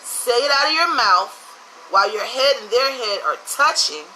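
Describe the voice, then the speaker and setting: A woman's voice: a little high, lively intonation, moderate pace, pushed and bright, a little hiss or hum, low-quality recording. A woman from the United States giving blunt, profane relationship advice in a casual monologue.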